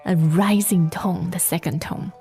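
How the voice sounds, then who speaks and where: A woman co-hosting a lesson podcast, modeling words slowly and repeating them. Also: on the low side, fairly even intonation, dark tone. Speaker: Mandarin teacher, co-host. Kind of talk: scripted language-lesson podcast. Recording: faint music bed.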